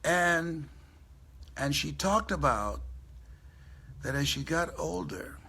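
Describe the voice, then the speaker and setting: Gravelly older man giving a motivational talk. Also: a little high, takes it slowly, pushed and bright. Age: 70s. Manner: storytelling, laughs at his own jokes. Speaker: motivational speaker. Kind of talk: live motivational speech. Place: on stage before a live audience.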